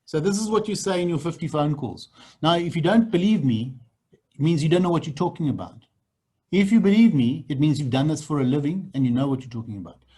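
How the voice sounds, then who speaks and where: Man, husky, fairly high voice, blunt sales coach, video call. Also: lively intonation, a little fast, dark tone. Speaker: sales trainer. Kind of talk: online training session.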